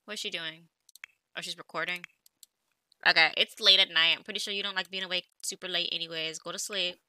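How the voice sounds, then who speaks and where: A woman's voice: on the low side, steady tone, brisk, sharp tone, dry recording. A woman giving casual gameplay commentary, chatty and easily exasperated, talking back to the characters on screen. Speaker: let's play gamer.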